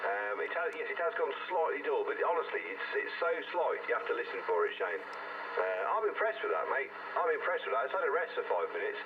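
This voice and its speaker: A man's voice: medium pitch, very animated, fast. Guy on a hissy far-off radio, easygoing chat. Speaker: radio operator on air. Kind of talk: casual chat over radio. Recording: distant muffled radio with heavy static.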